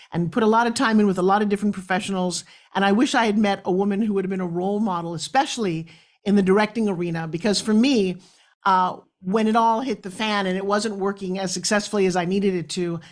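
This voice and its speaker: A middle-aged woman from New York hosting a talk show, enthusiastic and chatty as she tells stories. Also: mid-range voice. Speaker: host.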